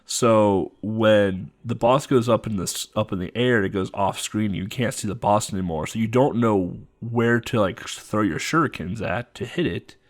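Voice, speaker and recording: A man's voice: on the low side, moderate pace, few pauses. A man co-hosting a podcast, chatting casually and rambling with many ums and restarts as he explains a game. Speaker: podcast co-host. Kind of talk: casual chat.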